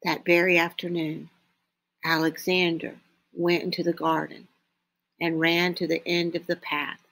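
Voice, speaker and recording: Slow, expressive woman reading a picture book. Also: fairly low pitch, vocal fry. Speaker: storybook reader.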